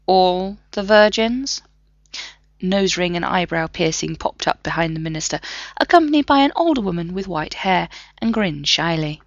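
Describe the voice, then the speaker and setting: A woman reads a story aloud in a low, expressive voice that rises and falls freely, with a gravelly texture. Her playful delivery sits dry and close to the mic. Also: brisk, dry recording, muffled recording. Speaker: reader. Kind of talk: reading fan fiction aloud.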